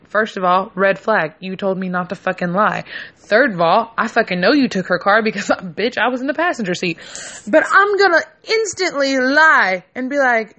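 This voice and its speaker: A woman's voice: fairly high pitch, lively intonation, moderate pace, pushed and bright. A young woman telling a story in casual chat, brash and profane, acting out the voices of her friends.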